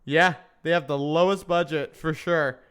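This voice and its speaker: A man's voice: fairly high pitch, steady tone, normal speed, a bit bright, clean tone. A man hosting a casual live stream, chatting and joking as he follows a practice session, often laughing at his own slips. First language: English.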